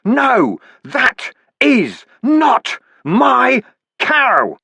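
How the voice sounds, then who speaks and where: A man voicing a delirious, wounded male watchman who mumbles in a daze and then breaks into anguished shouts, on a storybook reading. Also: on the high side, very animated, slow, no room sound, pitched above the performer's own voice, heavily acted. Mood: raving. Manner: dazed, slurred, erupting into anguished shouts.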